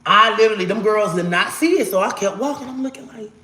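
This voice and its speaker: A woman's voice: medium pitch, quick pace, fairly bright tone, a little hiss or hum. Emphatic woman telling a story in an echoey room. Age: 40s. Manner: emphatic, swears oaths to God, addresses viewers as y'all. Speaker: storyteller vlogger. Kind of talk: casual storytime monologue.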